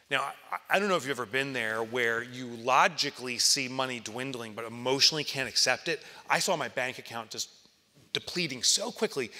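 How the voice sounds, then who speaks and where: A man's voice: medium pitch, fairly quick, sharp tone. A middle-aged man giving a keynote speech on stage, telling a personal story with feeling and acting out the voices he quotes. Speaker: keynote speaker. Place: large hall, live audience. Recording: live hall reverb.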